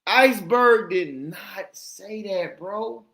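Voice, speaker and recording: A man hosting a podcast, reacting in casual chat with drawn-out, incredulous remarks. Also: high-pitched, sharp tone. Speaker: podcast host. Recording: roomy echo.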